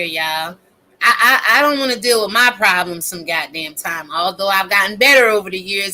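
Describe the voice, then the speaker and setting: A woman, in her thirties, delivering a blunt, profane, animated live-stream rant as a commentary host. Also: mid-range voice, poor audio.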